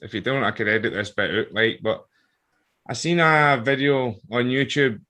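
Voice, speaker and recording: A man's voice: mid-range voice, moderate pace, bright, forceful tone. A Scottish man hosting a casual interview, giving short replies and asking questions. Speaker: podcast host.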